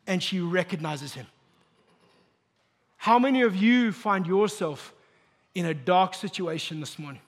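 High-voiced preaching man in a hall. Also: expressive, a little slow. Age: adult, married. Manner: emphatic preaching, rising to a near shout. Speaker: pastor. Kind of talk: sermon. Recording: long hall reverb.

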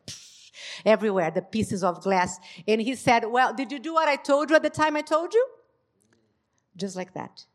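A woman whose first language is Portuguese, giving a church talk on marriage and acting out dialogue with lively emphasis. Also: a little high, moderate pace. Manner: animated, acts out quoted dialogue. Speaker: marriage ministry speaker.

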